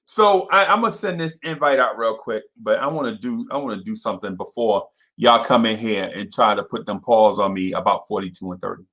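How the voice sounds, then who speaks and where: A young man hosting a casual fan livestream, repeating himself and shouting out viewers by name. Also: lowish voice, fairly quick, few pauses.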